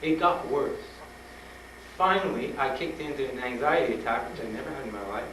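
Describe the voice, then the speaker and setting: A guest speaker at a school tells students a personal story, acting out dialogue, laughing often, and urging them frankly. His medium-pitched voice runs a little fast. It was captured on roomy old tape from a distant mic in a noisy school hall with an audience.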